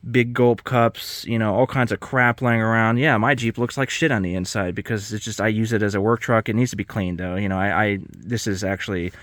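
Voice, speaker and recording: A man's voice: lowish voice, fairly bright tone, no echo. A man ranting casually to camera, exasperated and swearing freely about private car sellers. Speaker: vlogger.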